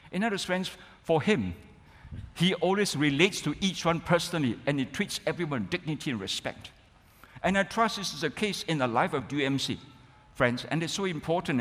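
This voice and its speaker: A man preaching a sermon as pastor, emphatic and building to loud exclamations. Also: on the high side. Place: church sanctuary. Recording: reverberant church hall.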